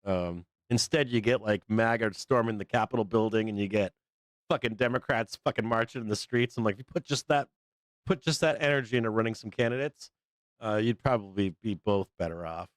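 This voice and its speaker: A middle-aged man ranting off the cuff on his live trading stream, swearing freely and breaking into laughs. His voice is smooth and resonant, recorded close and dry with no room sound. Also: on the low side, a little fast, no room sound. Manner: blunt, profane, laughs often. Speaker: live trading show host. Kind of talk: casual livestream chat.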